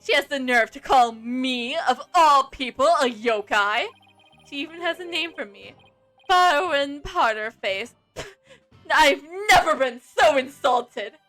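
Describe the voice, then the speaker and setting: A woman putting on a vain designer man who preens over every word. His voice rides high and swoops, sharp and bright, and soft game music hums beneath. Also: lively intonation, slow pace, heavily acted. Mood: affronted. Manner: pompous, theatrical, self-admiring. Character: flamboyant vain male fashion designer.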